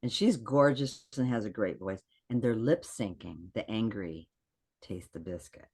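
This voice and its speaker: A woman's voice: very deep voice, measured pace, breathy edge. A woman guest on a podcast video call, telling stories in casual chat and acting out what people said. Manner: animated storyteller acting out quotes.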